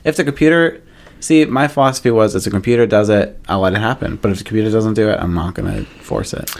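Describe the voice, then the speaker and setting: A man's voice: fairly low pitch, fast. A man co-hosting a podcast, ranting emphatically about rules and customers in casual chat. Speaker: podcast co-host.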